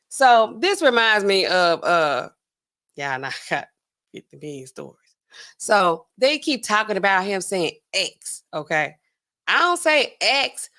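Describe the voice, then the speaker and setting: A medium-pitched woman with a Southern US accent hosts a podcast, telling stories in slangy, laughing, animated casual commentary. She acts out other people's voices along the way.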